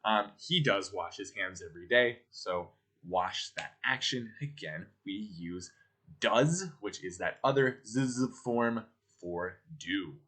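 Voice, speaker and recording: A man's voice: on the low side, slow pace, fairly bright tone, slight background noise. A male teacher giving a recorded grammar lesson, explaining patiently step by step and often checking in with the listener.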